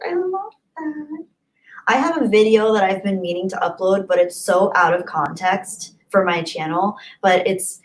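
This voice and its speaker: A woman chatting casually on a live stream from her home webcam setup, reading chat and greeting viewers with bubbly, gushing excitement and little gasps. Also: mid-range voice, low-quality recording. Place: home, apartment.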